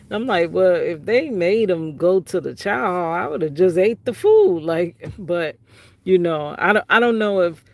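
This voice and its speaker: A middle-aged woman telling a casual vlog story with a gravelly, creaky voice. She talks at a slow, unhurried pace. She is frank and conversational, retelling exchanges with her family. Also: on the low side, animated, no echo. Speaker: vlogger, prison wife.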